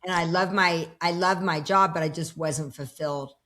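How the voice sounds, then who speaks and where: With dogs around her at home, a fiftysomething woman, a personal development coach, shares her story in an informal interview and performs the dialogue. Her voice is lowish and a bit bright, with fairly even intonation at a normal speed.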